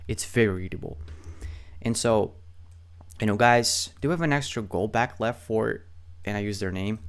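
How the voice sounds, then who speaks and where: Casual, profane man teaching marketing. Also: on the low side. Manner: loose, profane, conversational, keeps asking "right?". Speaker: email marketing instructor. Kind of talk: casual screen-share tutorial.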